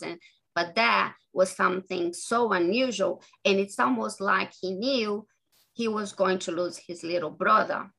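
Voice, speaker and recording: Bright-voiced earnest woman author. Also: mid-range voice, creaky, poor audio. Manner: earnest, halting, with many restarts. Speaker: author and guest. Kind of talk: podcast interview conversation.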